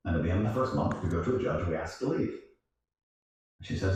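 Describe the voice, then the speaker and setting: A man telling a story in casual chat, profane and animated, acting out other people's lines. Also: low voice, quick pace. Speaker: guest storyteller. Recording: echoey room, distant mic.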